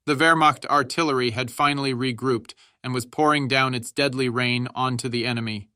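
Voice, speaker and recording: Bright, dry male audiobook narrator. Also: mid-range voice, fairly even intonation, fairly quick, clear, resonant tone, no room sound.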